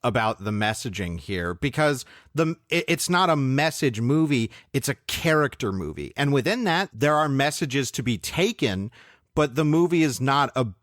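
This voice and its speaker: A man co-hosting a film podcast, reviewing movies in a measured, thoughtful, opinionated way. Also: mid-range voice, lively intonation, fairly bright tone, dry recording, studio quality. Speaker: podcast co-host. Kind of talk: casual film review chat.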